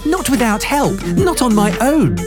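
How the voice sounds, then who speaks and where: A storyteller voicing Harmony, an eager young animal girl violinist with a high, bright voice. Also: big pitch swings, takes it slowly, loud music behind the voice.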